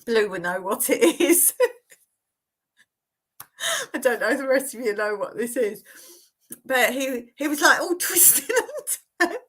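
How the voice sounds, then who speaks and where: A chatty woman with a high voice hosts a casual live stream. She reads out viewer comments and tells stories with plenty of giggles. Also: expressive, a little slow, long pauses, fairly bright tone. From England. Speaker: vlogger hosting a live stream.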